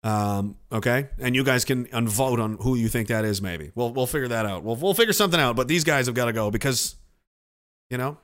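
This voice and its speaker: A man's voice: mid-range voice, brisk, a bit bright. A man delivering sarcastic, profane, indignant commentary.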